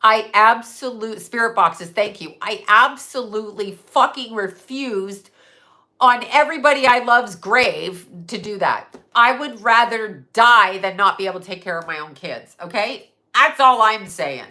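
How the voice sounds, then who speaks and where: A woman's voice: on the high side, unhurried, pushed and bright. A middle-aged woman ranting on a live stream, blunt and profane, laughing often and jumping from topic to topic. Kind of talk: casual live stream chat.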